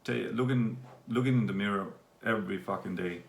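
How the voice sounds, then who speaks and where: A man's voice: fairly low pitch, brisk, gravelly, reverberant, a little hiss or hum. A man from Denmark giving a casual, rambling video update to his viewers. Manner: relaxed, rambling, with fillers. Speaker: vlogger.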